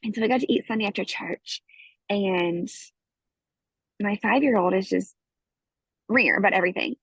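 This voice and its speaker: A woman's voice: mid-range voice, moderate pace, vocal fry, husky, dry recording. A woman in her thirties, a guest on a parenting show, telling a family story and acting out the voices of her child and herself. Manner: lively storyteller who acts out her child's and her own lines. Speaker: guest, course student. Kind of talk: casual storytelling in an interview. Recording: dull, dry close recording.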